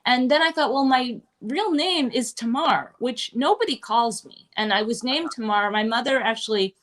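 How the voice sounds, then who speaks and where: A woman's voice: fairly high pitch, expressive, moderate pace, a bit bright. Chatty rambling New woman. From Manhattan, New York. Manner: rambling, chatty, many fillers and asides. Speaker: guest performer. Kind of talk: casual interview chat. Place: restaurant, live-streamed.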